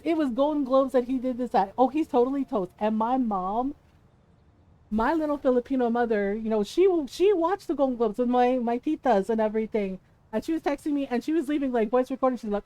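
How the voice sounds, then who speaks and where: A woman game streamer chatting casually while she plays, animated, laughing often and swearing freely. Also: fairly high pitch, a little fast, faint music behind. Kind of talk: casual chat while playing a life-sim game.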